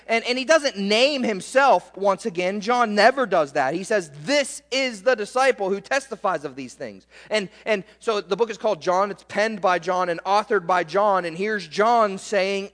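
A man's voice: high-pitched, animated, unhurried, hardly any pauses, fairly bright tone, in a large hall. A male pastor preaching a sermon in a conversational, emphatic way, often repeating words and returning to short refrains.

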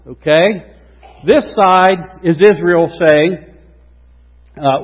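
A male pastor preaching a sermon in a church, animated, swinging from loud emphasis to hushed tones. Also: on the high side, a little slow. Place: church sanctuary. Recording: dull lo-fi recording with long hall reverb.

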